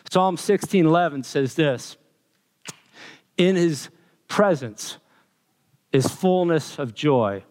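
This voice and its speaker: Slow, emphatic male preacher in a reverberant hall. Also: medium pitch, clean tone. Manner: emphatic, builds repeated lists of phrases. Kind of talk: sermon. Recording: long reverb of a large hall.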